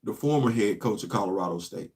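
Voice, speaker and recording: A man hosting a casual live-stream show, animated and laughing often as he chats about football. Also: on the low side, fairly quick. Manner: animated, laughing often, Southern colloquial talk. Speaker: show host.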